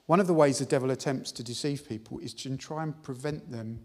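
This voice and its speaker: A man's voice: medium pitch, brisk. A man preaching a sermon in an earnest, emphatic, exhorting manner. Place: church hall. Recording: live-stream audio with long hall reverb.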